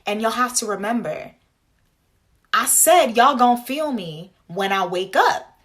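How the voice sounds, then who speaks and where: A young woman talking straight to camera in a casual storytime vlog. She fills her speech with "like" and slangy asides. When she reenacts a scene, her voice leaps up into high, dramatic quoted lines. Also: a little slow. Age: young adult. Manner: animated, dramatic retelling with bursts of high acted quotes; frequent fillers like "like" and slangy asides. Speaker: vlogger.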